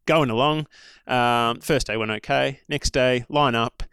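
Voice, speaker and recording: A man's voice: mid-range voice, measured pace, fairly bright tone, clean tone, no room sound, studio quality. An Australian man, a former pro cyclist, telling stories in a rambling, casual way full of fillers and asides. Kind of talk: casual storytelling chat.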